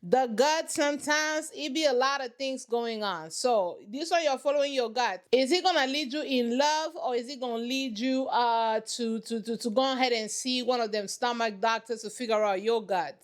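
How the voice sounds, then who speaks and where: A woman's voice: on the high side, normal speed, few pauses. A woman hosting a reaction channel, giving sassy, emphatic commentary in casual slang.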